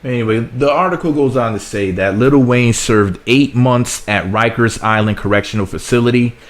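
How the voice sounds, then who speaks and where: A medium-pitched man from the United States speaks at a moderate pace. As a vlog host, he delivers blunt, sarcastic political commentary and often repeats himself.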